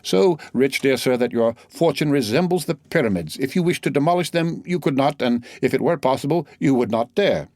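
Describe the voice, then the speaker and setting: A man's voice: mid-range voice, expressive, a little fast, no room sound, studio quality, close to an everyday voice. Man reading as a suave ironic count. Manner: polished, gently mocking. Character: suave wealthy nobleman count, ironic and poised.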